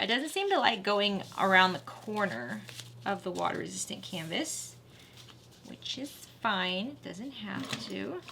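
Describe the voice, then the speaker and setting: Over heavy background noise and the faint whir of a sewing machine, a woman with a gravelly, medium-pitched voice hosts a relaxed sewing tutorial. She chats and laughs with her viewers as she works.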